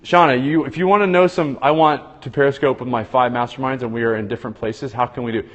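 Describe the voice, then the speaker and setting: A man's voice: medium pitch, steady tone, quick pace, long reverb tail, muffled recording. A man hosting a casual phone livestream, chatting loosely and reading out viewers' comments. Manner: chatty, reads viewer comments aloud and greets viewers by name. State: tired after a long day. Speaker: livestream host.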